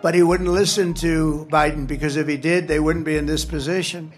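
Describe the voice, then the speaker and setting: A man with a high voice speaks into a stage microphone at a rally. He rambles off the cuff and hammers his points by repeating short phrases, while faint music plays behind him. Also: flat delivery, fairly quick. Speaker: political candidate speaking at a rally. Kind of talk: campaign rally speech.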